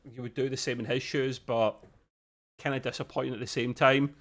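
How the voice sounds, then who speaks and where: A man, hosting a casual TV review chat, chatty and quick to laugh. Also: medium pitch. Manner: chatty, animated, laughs often, quick quoted voices. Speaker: podcast host reviewing a TV episode.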